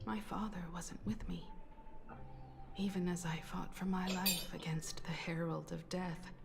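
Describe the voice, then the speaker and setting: An actress playing a composed, guarded young woman who speaks in a measured, quiet way in a game scene. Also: fairly low pitch, steady tone, creaky, background noise. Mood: cool.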